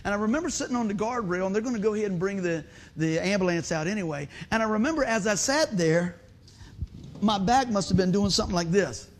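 A pastor delivers a storytelling sermon in a noticeably high male voice. He punctuates the tale with shouted sound effects and keeps turning to the congregation with questions. A faint hum of noise sits underneath. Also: fast.

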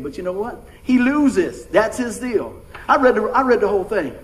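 A man's voice: sits high, sing-song, normal speed, low-quality recording. A middle-aged man preaching a sermon in a folksy, conversational way, calling out to his congregation. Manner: folksy, conversational preaching with audience call-outs. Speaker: pastor.

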